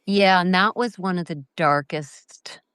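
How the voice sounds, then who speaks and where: Woman from the US, fairly low voice, dry close sound, halting and earnest, searching for words. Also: a bit bright, clean tone, dry recording. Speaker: interview guest. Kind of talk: casual reflective interview talk.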